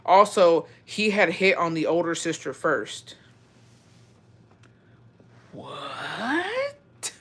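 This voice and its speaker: A woman's voice: on the low side, fairly even intonation, moderate pace, hardly any pauses. A young woman from Texas in her twenties, chatting emotionally and swearing freely as she reacts to viewer stories. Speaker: host reading viewer stories. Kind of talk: casual chat.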